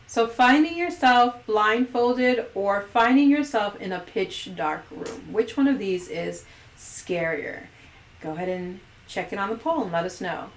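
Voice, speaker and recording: A woman's voice: medium pitch, lively intonation, measured pace, a little hiss or hum. Giggly female stream host, casual and playful, echoey room. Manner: playful, giggly, reads poll questions aloud. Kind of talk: casual livestream chat.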